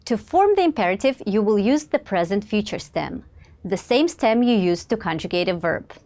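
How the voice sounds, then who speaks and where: Woman reading a measured grammar lesson. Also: medium pitch, animated, mellow. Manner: measured, clear, pauses after each example word. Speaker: language teacher. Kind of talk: scripted grammar lesson narration.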